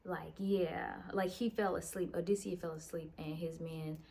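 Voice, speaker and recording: A woman's voice: on the low side, fairly even intonation, moderate pace, gravelly, darkish tone. A tired woman casually recapping a novel late at night, slangy and profane, wandering off track and acting out the characters' lines. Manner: slangy, profane, meandering retelling with mimicked dialogue. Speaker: book reviewer.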